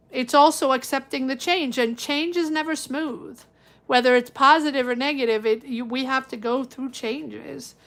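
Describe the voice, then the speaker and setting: Female live-stream tarot reader, slightly higher pitch, casual and reassuring, rambles through fillers. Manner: chatty, reassuring, thinks aloud with many fillers.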